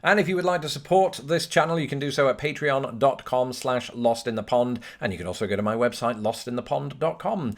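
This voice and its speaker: A man's voice: mid-range voice, brisk, hardly any pauses. A young English man hosting a vlog, answering viewer questions with wry, self-mocking asides. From Britain. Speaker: host.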